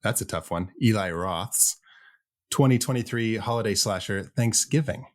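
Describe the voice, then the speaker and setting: A man's voice: fairly low pitch, moderate pace. Man hosting a horror movie podcast. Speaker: podcast host. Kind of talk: casual podcast banter.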